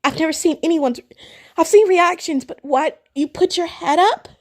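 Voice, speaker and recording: A woman's voice: very high voice, moderate pace. A woman hosting a reaction video, commenting in a profane, exasperated and mocking way.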